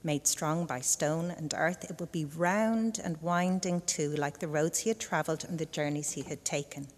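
A woman reading a children's story aloud to a church congregation in a gentle, unhurried storytelling manner. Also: deep voice. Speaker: reader at a church service. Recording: echoey hall reverb.

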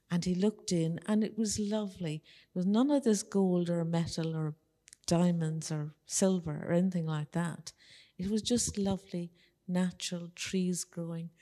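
A woman tells a children's story during a church service, gentle and animated. Her voice is low and mellow, and a long reverb hangs in the large church around her.

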